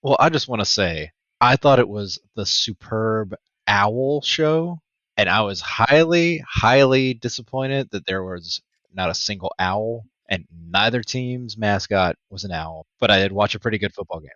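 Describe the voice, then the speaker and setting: A man's voice: on the low side, expressive, measured pace, a bit bright, highs cut off. A man co-hosting a casual podcast, answering with dry jokes. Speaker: podcast co-host. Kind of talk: casual chat.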